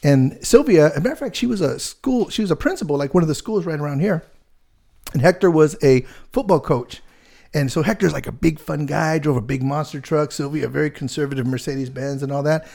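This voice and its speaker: Fast-talking gravelly man telling stories. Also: on the high side. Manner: rambling, animated storyteller with many fillers. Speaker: real estate agent telling a story. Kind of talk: casual storytelling chat.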